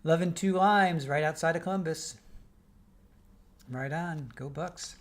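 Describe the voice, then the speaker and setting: An older man from the Midwest hosts a casual livestream, reading out viewer comments and chatting back. His voice sits a little high for a man, and his talk rambles with frequent restarts. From American Midwest. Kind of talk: casual chat while waiting for a trial.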